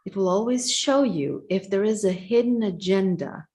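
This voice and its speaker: A woman's voice: medium pitch, animated, moderate pace, warm tone. A woman speaking earnestly and reflectively in a conversation, often repeating phrases as she searches for words. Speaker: guest speaker.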